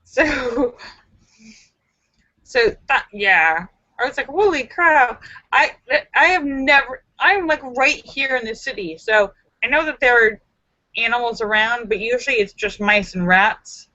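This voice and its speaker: Bubbly high-voiced woman on a live stream. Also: measured pace, no echo, highs cut off. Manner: animated storyteller, squeals and exclamations, greets viewers. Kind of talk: casual live-stream chat. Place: home in the city.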